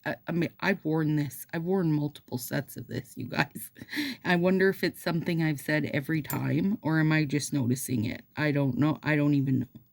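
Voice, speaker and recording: A woman's voice: deep voice, fairly even intonation, normal speed, gravelly, a little mellow, dry recording. A middle-aged woman with a Minnesota accent who chats casually to her viewers while doing her nails. She rambles and makes self-deprecating asides, and now and then reads a passage aloud. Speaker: nail product vlogger.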